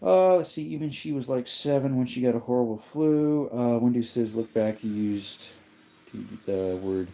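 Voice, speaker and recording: Man, livestream host, casual chat, dark mellow tone, sleepy and yawning, reads comments aloud. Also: mid-range voice, normal speed. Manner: relaxed and rambling, reading comments aloud.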